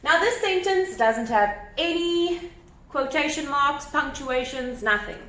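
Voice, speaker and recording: A woman teacher explaining a grammar lesson step by step, animated and repeating key points. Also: sits high, unhurried. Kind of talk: recorded grammar lesson at a whiteboard. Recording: echoey room with faint ambience.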